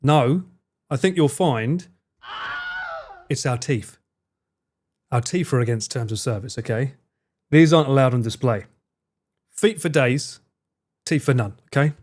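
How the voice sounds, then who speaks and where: A young man with a London accent chatting casually on a live stream, animated and bantering, swearing freely. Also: medium pitch, measured pace, long pauses, slight background noise. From England.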